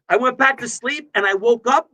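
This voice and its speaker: A man from New York with a high-pitched voice, talking in a loose, rambling way. He swears freely and laughs a lot while telling stories. The sound comes through a video call. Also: unhurried, bright, forceful tone, poor audio. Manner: rambling, profane, laughs often. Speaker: guest musician. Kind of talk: casual livestream chat.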